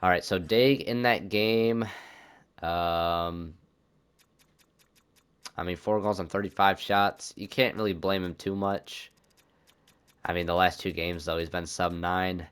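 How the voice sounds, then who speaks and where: A man's voice: deep voice, fairly even intonation, slow, pauses often, fairly bright tone, clear, resonant tone. A young man commenting on his own hockey video game season, thinking aloud and swearing when things go wrong. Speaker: gaming YouTuber.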